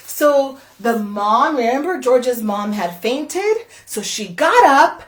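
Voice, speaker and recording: A woman from the library reading a picture book aloud to children, switching between English and Spanish line by line in an animated way. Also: sits high, unhurried, hardly any pauses. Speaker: library storyteller. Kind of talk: bilingual children's read-aloud. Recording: echoey room.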